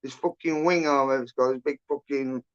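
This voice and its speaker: A man's voice: medium pitch, fairly even intonation, fast, clean tone. A man telling a rambling, sweary, agitated story in casual chat. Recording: muffled lo-fi audio.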